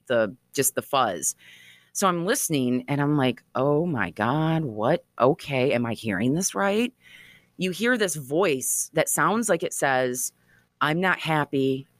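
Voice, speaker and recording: A woman author being interviewed, telling stories in a chatty, animated way with frequent laughs. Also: sits low, dry recording, clean studio sound. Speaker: author and guest. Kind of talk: conversational storytelling interview.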